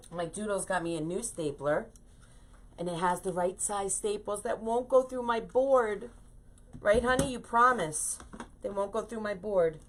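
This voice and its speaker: A woman hosting a live craft tutorial, chatting and laughing at herself as she reads viewer comments at her home craft table. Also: mid-range voice. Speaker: craft host teaching wreath making.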